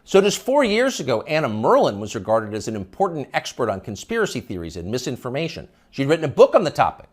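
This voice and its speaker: A middle-aged man delivering a scripted news commentary monologue, sarcastic and mocking, with emphatic rises and low confiding drops. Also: huge pitch swings, fast talker, hardly any pauses.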